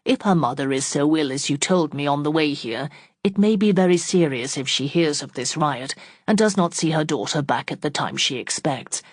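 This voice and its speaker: A woman voicing a calm, practical male doctor in an audiobook, speaking in a measured, reassuring way. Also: low-pitched, no room sound, clean studio sound.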